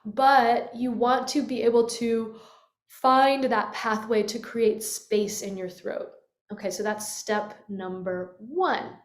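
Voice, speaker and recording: A woman voice teacher leading a guided vocal lesson, showing the sounds as she explains them with yawns and sighs. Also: fairly high pitch. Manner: demonstrative, swoops into yawns and sighs. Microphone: webcam. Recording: echoey room.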